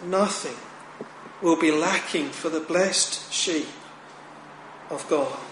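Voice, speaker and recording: A male preacher delivers a sermon in a high voice at an unhurried pace. His words are measured and solemn, building to emphatic rises. The recording is echoey with faint background noise.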